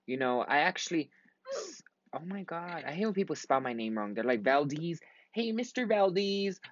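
A man's voice: medium pitch, lively intonation, a bit bright, no echo, lo-fi sound. Tired young man rambling over a game. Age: 20s. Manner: rambling, swears a lot, quick outbursts. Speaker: gaming vlogger. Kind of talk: casual gameplay commentary.

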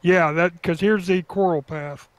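Higher-voiced man, easygoing game chat. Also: fairly even intonation, a little slow, no echo. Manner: easygoing, jokey. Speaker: fellow player. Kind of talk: casual gaming chat.

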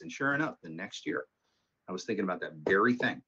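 A math instructor with a very low, deep voice drifts through casual, rambling stories before easing into explaining the material. The audio is muffled and lo-fi, like an online class recording. He sounds relaxed and conversational. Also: moderate pace, long pauses, slightly rough. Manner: rambling anecdotal storytelling. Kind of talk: casual classroom talk and lecture.

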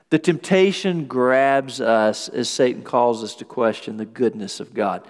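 A man preaching a sermon as pastor, lively and acting out quoted voices. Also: mid-range voice, normal speed, big-room sound. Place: church sanctuary.

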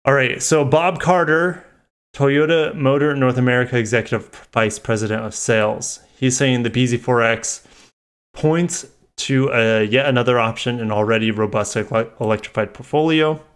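A chatty man reads a press release on a live stream, keeping a middle pitch. He keeps stopping to riff and correct himself in loose, offhand asides. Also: moderate pace. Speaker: car channel host.

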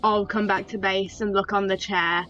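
A woman with a British accent, chatting excitably and giggling as she plays an online game with a friend. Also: medium pitch, moderate pace. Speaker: gamer. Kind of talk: casual gameplay chat. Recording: lo-fi voice chat with faint game music.

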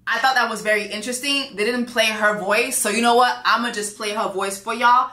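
Outspoken woman reviewer, bright voice, echoey room. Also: on the high side, steady tone, fairly quick, hardly any pauses. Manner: blunt, profane, emphatic repetition. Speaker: host, reality show reviewer. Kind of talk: casual commentary.

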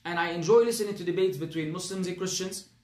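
A man's voice: high-pitched, quick pace, a little mellow, echoey room. A man with an Arabic accent teaching a religious class, speaking earnestly and emphatically, often repeating his phrases. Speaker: Islamic teacher.

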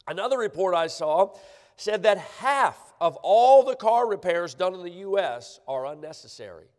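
A man's voice: sits high, very animated, moderate pace. A man preaching a sermon, emphatic and often checking in with the congregation. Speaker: pastor. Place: church sanctuary. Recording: church livestream with long hall reverb.

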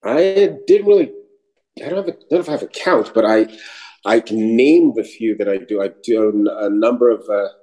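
Animated New man telling stories. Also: lowish voice, fairly quick, low-quality recording. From New York City. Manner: animated storyteller, slips into accents and voices. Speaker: actor guest. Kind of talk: casual interview chat.

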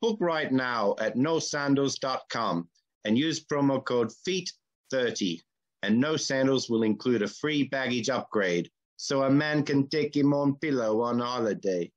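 A man voicing an upbeat male Jamaican resort ad announcer in a comic mock ad, in a put-on Jamaican accent with drawn-out, sing-song patter. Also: medium pitch, dull audio, voice pushed up, lightly acted. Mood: salesy.

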